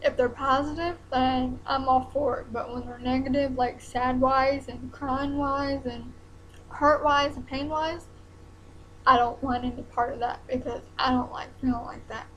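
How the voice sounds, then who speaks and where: A young woman, talking haltingly in a personal vlog while close to tears. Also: high voice, fairly even intonation, a bit bright, slight background noise, rough recording. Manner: hesitant, halting, many ums and restarts.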